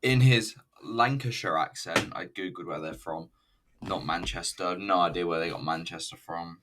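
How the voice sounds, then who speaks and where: With a low voice at normal speed, a man casually reviews an old wrestling event as he watches, rambling, swearing and cracking jokes. The mic is distant and there's background noise in this casual video commentary.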